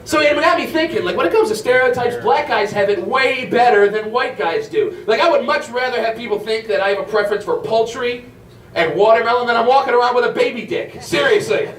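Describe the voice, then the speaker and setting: A man performing stand-up with a brash, foul-mouthed storytelling manner. His voice sits high for a man. The sound is roomy and a little distant from the mic. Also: a little fast, a bit bright, slight background noise. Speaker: stand-up comedian. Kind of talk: stand-up comedy set. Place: comedy club stage.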